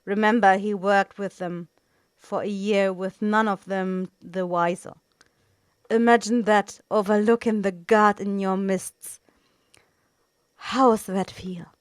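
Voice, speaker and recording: A woman's voice: mid-range voice, flat delivery, a little slow, a little mellow, clean tone, no room sound, studio quality, natural voice. A woman reading the lines of an impatient, sneering male assassin in a snappish way. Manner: snappish, mocking.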